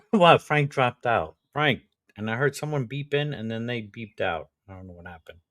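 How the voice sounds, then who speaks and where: A man's voice: mid-range voice, expressive, normal speed, a bit bright, no room sound. Man, live stream host, bantering, laughing, dry close sound. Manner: bantering, laughing, many restarts. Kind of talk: casual chat on a live stream.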